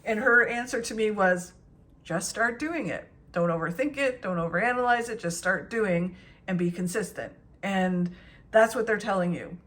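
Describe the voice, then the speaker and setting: A woman's voice: medium pitch, moderate pace, fairly bright tone. A middle-aged woman giving a casual tarot reading, talking in a chatty, encouraging way with many fillers and restarts. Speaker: tarot reader.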